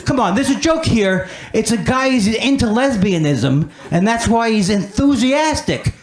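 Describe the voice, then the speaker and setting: Audience laughter fills the roomy club sound as a man does stand-up, making fun of himself and riffing on his weak jokes. He has a high voice with lively intonation, speaking at a moderate pace with few pauses.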